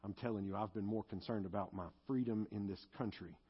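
A man's lowish, husky voice preaches with earnest, confessional weight, then climbs into fervent pleading as he prays. The audio is dull and muffled. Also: fairly even intonation, brisk. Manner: earnest, confessional, rising to fervent pleas in prayer. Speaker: pastor. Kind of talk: sermon and closing prayer.

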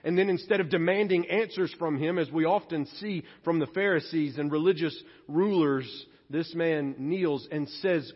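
A man's voice: fairly high pitch, moderate pace, hardly any pauses, husky. A pastor preaching a sermon, earnest and emphatic, who often acts out the people he quotes. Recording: long reverb, dull lo-fi sound.

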